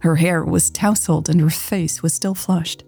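Gravelly woman narrating a romance. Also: low-pitched, steady tone, measured pace, mellow, faint music behind. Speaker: audiobook narrator. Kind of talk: scripted romance story narration.

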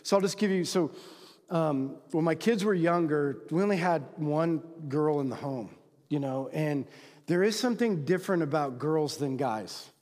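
A man's voice: animated, normal speed, a little mellow. A man preaching a sermon to men, casual and conversational, throwing rhetorical questions to the crowd and acting out quoted voices. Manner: acts out quoted voices with big pitch swings. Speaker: pastor. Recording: long hall reverb.

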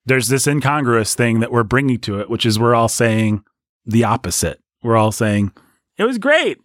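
Animated man co-hosting a podcast. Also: moderate pace, dry recording, clean studio sound. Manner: animated, jumps into high mock voices for jokes. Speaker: podcast co-host. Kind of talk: casual podcast discussion.

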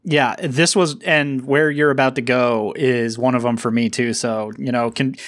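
A man's voice: mid-range voice, steady tone, moderate pace, no echo. A man co-hosting a casual podcast, chiming in with short, dry remarks. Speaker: podcast co-host. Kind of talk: casual comic book chat.

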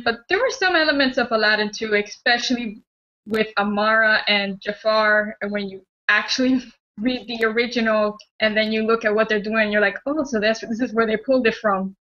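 A woman giving her opinions in a casual group podcast chat, talking in a chatty, animated way. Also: a little high, brisk. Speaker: podcast panelist. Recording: dull lo-fi sound.

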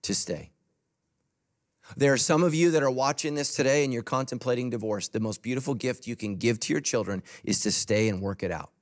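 This is a pastor preaching to his congregation inside a church, talking a little fast. He speaks with emphasis, shifting back and forth between punchy, loud lines and hushed, low asides.

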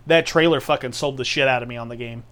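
A man's voice: mid-range voice, quick pace, a bit bright, a little hiss or hum. A man co-hosting a casual podcast, earnest and a little hesitant. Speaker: podcast co-host.

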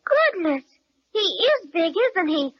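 A woman voicing a sweet, timid little girl in gentle, sing-song 1930s radio acting. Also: extremely high pitch, big pitch swings, takes it slowly, no room sound, exaggerated voice. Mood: amazed. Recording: dull, lo-fi old radio recording.

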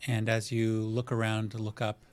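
A man narrating a tabletop game as game master, setting scenes in unhurried, descriptive detail. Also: on the low side, monotone, smooth.

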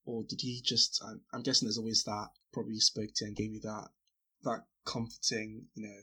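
A co-host asks a question in a casual, halting way, restarting mid-sentence. The tone is bright. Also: mid-range voice, level tone. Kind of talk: casual chat.

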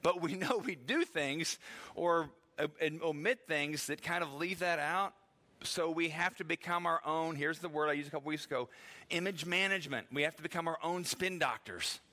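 A man's voice: fairly high pitch, moderate pace, pushed and bright. A middle-aged man preaching a sermon in a conversational way, acting out the voices he quotes and laughing now and then. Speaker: pastor.

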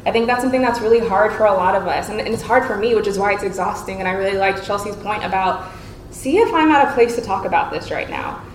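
A woman giving an earnest, measured talk to an audience as a panel speaker. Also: medium pitch. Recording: echoey room with faint noise.

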